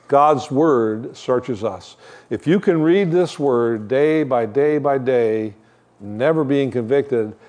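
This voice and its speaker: A man's voice: mid-range voice, darkish tone. Older man preaching, conversational and joking. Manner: demonstrating with shepherd props. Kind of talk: sermon.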